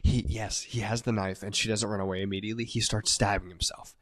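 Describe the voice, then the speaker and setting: A low-voiced man tells a movie story with big energy, swears freely and slips into the characters' lines as he goes. The recording is close and dry, with no room sound. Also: fast, no echo. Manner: animated storyteller acting out quotes, swearing. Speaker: podcast co-host. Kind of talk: casual movie recap chat.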